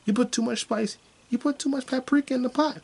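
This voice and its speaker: A brassy Boston lunch lady barks orders over the cafeteria pot, as a man puts her on. Her voice jumps way up high and stays loud and bossy, with a thick Boston sound. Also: fairly even intonation, brisk, creaky, slight background noise.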